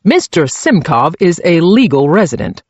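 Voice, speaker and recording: A man voicing a slick, smug male defense lawyer who speaks briskly. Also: a little high, very animated, no room sound, lo-fi sound.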